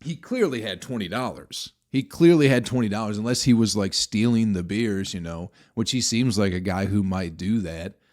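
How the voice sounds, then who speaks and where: Rambling, cussing man with a lowish voice. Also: moderate pace, hardly any pauses, darkish tone. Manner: profane, meandering, exasperated asides to listeners. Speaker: comedian podcast host. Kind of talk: rambling comedic storytelling.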